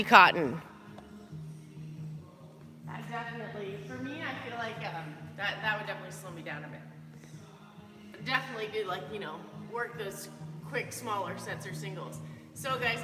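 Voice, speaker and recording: A young woman chatting upbeat with viewers by name while coaching a live workout. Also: fairly high pitch. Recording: roomy hall reverb. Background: faint background music.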